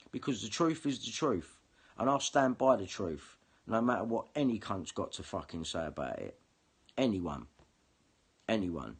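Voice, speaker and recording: A vlogger with a husky, mid-range voice rants angrily to camera in a monologue. He is heated and confrontational, swearing as he goes.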